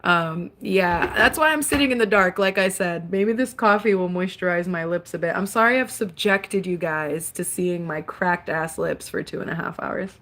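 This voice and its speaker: A young adult woman hosting a casual livestream from a dark room. She chats in an animated way into her phone, laughing often and breaking into little bits of song. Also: on the low side, moderate pace, hardly any pauses, slight background noise. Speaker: livestream host. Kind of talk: casual livestream chat, reading comments.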